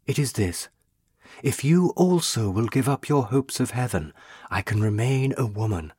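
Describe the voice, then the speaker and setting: A man voicing a young female ghost, a burned witch, speaking in a pleading, tender and intense way with a husky voice. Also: mid-range voice, animated, normal speed, a little mellow, no echo, studio quality.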